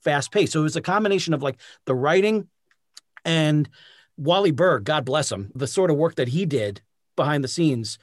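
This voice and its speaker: A man's voice: on the high side, lively intonation, moderate pace, dry recording, clean studio sound. A man in his forties hosting an interview, eager and affirming, talking loosely with many fillers. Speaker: interview host. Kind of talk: casual interview chat.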